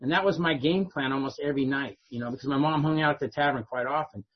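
A man's voice: mid-range voice, fast talker, slightly rough, highs cut off. A middle-aged man telling his own life story to an audience in a conversational way, often asking "right?". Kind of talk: personal storytelling speech to an audience.

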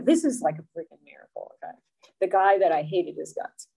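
A woman's voice: lowish voice, gravelly, dark tone. Earnest middle-aged woman sharing her story. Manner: earnest, emotional, halting storytelling. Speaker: recovery meeting speaker. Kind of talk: personal recovery testimony.

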